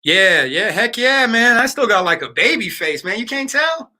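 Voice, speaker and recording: A man in his late thirties hosting a casual livestream. His voice sits high and sounds very bright and forceful. He talks loosely with lots of fillers and slang, as if answering viewers' comments. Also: big pitch swings, moderate pace. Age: 30s. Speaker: livestream host.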